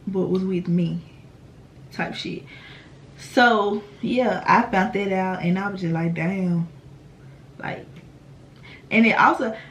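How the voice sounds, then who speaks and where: A woman's voice: medium pitch, a little hiss or hum. Young woman vlogger, mid-range voice, casual storytime, swears freely, talks straight to viewers. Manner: slangy, profane, chatty; addresses viewers directly.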